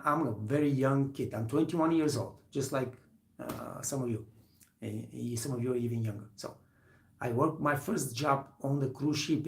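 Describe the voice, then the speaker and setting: Man, hospitality trainer, gravelly voice, earnest and rambling motivational talk, roomy echo. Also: mid-range voice. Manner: earnest, rambling, many fillers.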